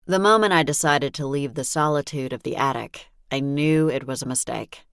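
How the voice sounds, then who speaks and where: A woman's voice: extremely low pitch, moderate pace, clean tone, no echo. A woman reading a first-person audiobook with a dry, wry delivery on a close studio mic. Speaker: audiobook narrator. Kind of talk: first-person scripted narration.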